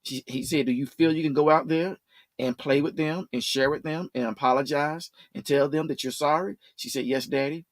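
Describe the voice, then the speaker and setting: A man's voice: a little high, fairly even intonation, normal speed, no room sound. A man co-hosting a casual talk show, retelling stories at length and acting out the quoted dialogue. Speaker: co-host. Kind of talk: casual podcast chat.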